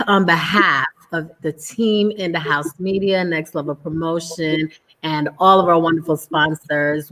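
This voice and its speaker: A woman's voice: low voice, a bit bright. Effusive woman host. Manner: effusive, gushing. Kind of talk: casual interview chat.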